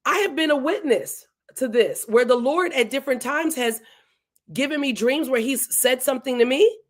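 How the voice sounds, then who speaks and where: A woman teaching a verse-by-verse Bible study in a casual, animated way, acting out the lines of the people in the passage. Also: high-pitched, normal speed. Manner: casual, animated, acts out dialogue between speakers.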